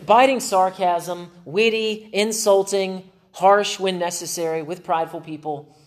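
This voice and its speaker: A man's voice: high voice, fairly even intonation, unhurried. Emphatic preacher man with dry sarcasm. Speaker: pastor. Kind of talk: sermon.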